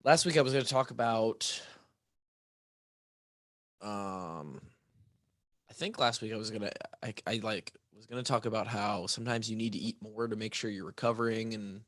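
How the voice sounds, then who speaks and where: Recorded dry, a man with a fairly low-pitched, slightly bright voice hosts a fitness podcast by himself. He comes across as tired, yawning between casual remarks full of restarts, asides and repeated "right?"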